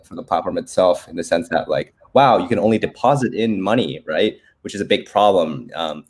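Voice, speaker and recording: Teen guest from Canada, seventeen, very low voice, eager, casual. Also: male voice, slightly rough. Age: teens, seventeen. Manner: quick, eager, laughs easily, uses "like" and "um". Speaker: startup founder, guest. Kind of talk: casual interview chat.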